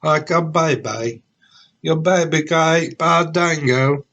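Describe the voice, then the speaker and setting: A man's voice: fairly high pitch, moderate pace. A man giving casual, jokey reaction commentary. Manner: chatty, animated, jokey outbursts. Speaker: reaction video host.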